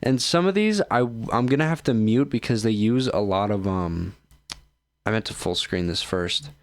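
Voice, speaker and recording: A man's voice: lowish voice, moderate pace. A man hosts his own show and talks through clips in a loose, meandering way. He sounds tired and keeps yawning. He pokes fun at himself as he goes. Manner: joking, self-mocking, loose. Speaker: streamer host reacting to videos. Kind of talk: casual rambling commentary.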